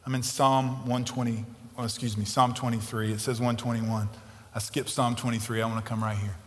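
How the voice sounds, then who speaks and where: A man preaching a sermon, swinging between forceful emphasis and hushed, intimate lines. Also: medium pitch, flat delivery, a little fast. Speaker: pastor. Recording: reverberant hall.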